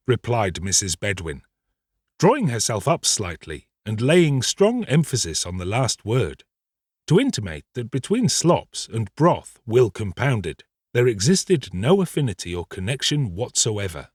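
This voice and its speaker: Husky, expressive male audiobook narrator. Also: on the low side, unhurried, no room sound, studio quality. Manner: expressive, theatrical storytelling.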